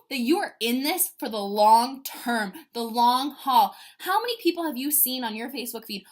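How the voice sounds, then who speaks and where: A woman giving an energetic motivational pep talk to her sales team, emphatic and swinging between loud bursts and hushed asides. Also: on the high side, normal speed, few pauses.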